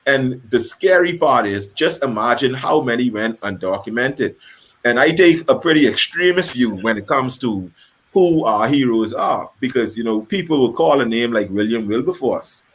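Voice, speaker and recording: Man, mid-pitched voice, fired-up interview guest who slips into quoted voices. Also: animated, normal speed. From Bahamas. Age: adult, married. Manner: passionate, emphatic, acts out quoted voices. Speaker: guest, history teacher. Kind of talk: interview conversation.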